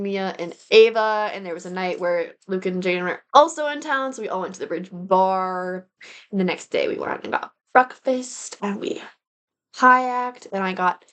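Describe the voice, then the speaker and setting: Young woman vlogger, casual and rambling, filler-heavy recap chat. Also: medium pitch. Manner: chatty, rambling, lots of "like" and "um". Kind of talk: casual monthly recap vlog.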